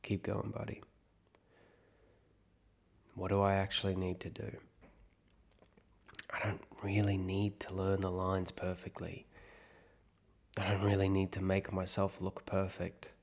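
A man from South Africa talks through his thoughts in a reflective podcast monologue, asking himself questions and answering them. His voice sits low and has a gravelly, creaky edge. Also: monotone, a little slow, pauses often. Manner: thinks aloud, talking himself through questions. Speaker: actor and podcast host.

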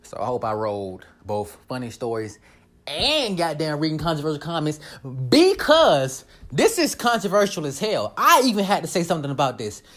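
A woman delivering a casual vlog rant, her pitch swinging widely as she gets worked up. She swears freely and laughs between points, talking straight to her viewers. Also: normal speed. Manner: animated, profane, laughs often. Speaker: vlogger.

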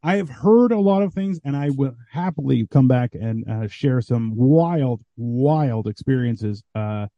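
A man who is a guest comedian on a podcast, chatting casually and telling animated stories, acting out what people said. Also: mid-range voice, moderate pace, gravelly, few pauses, no room sound, dull audio. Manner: animated storyteller, acts out quoted voices. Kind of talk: casual chat.

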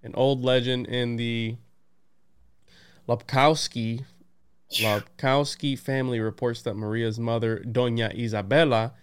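Homme animé qui dit « bro ». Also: male voice, mid-range voice, measured pace, clear, resonant tone. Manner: excited, laughing, says "bro" and "dude". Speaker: podcast host. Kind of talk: casual chat, reading aloud.

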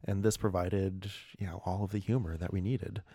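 A man with a very deep voice co-hosts a casual comedy podcast and delivers wry, mock-formal asides. The recording is dry and close to the mic. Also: steady tone, normal speed, warm tone, breathy edge, dry recording. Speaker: podcast co-host.

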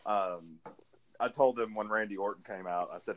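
A young man with a slightly lower voice tells a funny story from the night before. He sounds wry and relaxed, chatting with friends on a podcast. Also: moderate pace, no echo, rough recording. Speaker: podcast co-host. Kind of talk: casual storytelling chat.

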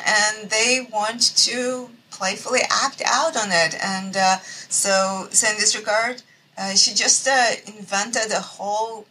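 A woman professor explains her research as a guest, pausing often with fillers as she thinks. Her tone is bright and forward. A faint noise sits underneath. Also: mid-range voice, low-quality recording.

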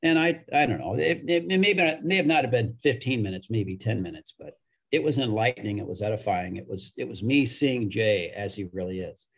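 Husky man spinning a story. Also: lowish voice, brisk. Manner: chatty anecdotal storyteller, acts out quoted voices. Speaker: hockey broadcaster. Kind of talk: storytelling podcast interview.

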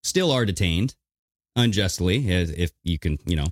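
Podcast guy telling a story, lowish voice but super lively, does little voices, dry close mic. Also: moderate pace, no room sound. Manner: animated storyteller who acts out voices. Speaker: podcast co-host. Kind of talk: casual podcast chat.

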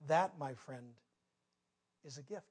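A man preaching a sermon, telling a personal story with big swings between loud outbursts and hushed moments. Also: fairly high pitch, takes it slowly. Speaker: pastor.

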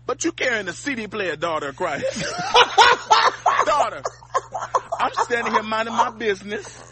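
Man, street preaching, mocking, laughing, high, very lively pitch. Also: moderate pace, a little hiss or hum. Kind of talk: street confrontation clip, preaching at a stranger.

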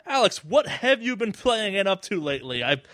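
A man's voice: high voice, big pitch swings, moderate pace, fairly bright tone, no echo, clean studio sound. A young man hosting a casual podcast from his apartment, teasing his guests with jokes. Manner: teasing, joking banter. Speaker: podcast host.

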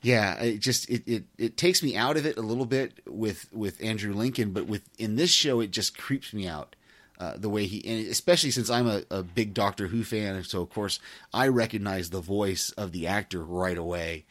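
Chatty man with a lowish voice. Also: moderate pace. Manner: chatty, laughs often, many restarts. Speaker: podcast co-host. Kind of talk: casual chat.

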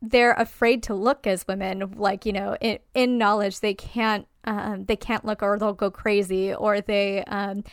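A woman co-hosting a casual discussion, animated, swearing freely and using many fillers. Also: medium pitch, measured pace, hardly any pauses, dry recording, clean studio sound. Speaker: podcast co-host.

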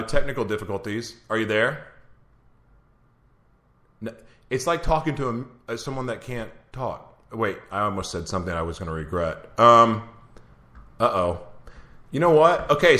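A man hosts a live-streamed chat, talking casually and laughing often between read-out passages. His voice is bright and forceful, though he is losing it a bit. He speaks into a computer mic on a video call. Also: mid-range voice, expressive, moderate pace. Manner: chatty, laughs often, reads an intro aloud. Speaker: show host.

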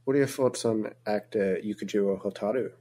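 A man co-hosting a podcast, chatting in a relaxed way and laughing often. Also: lowish voice, brisk. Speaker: podcast co-host. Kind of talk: casual chat.

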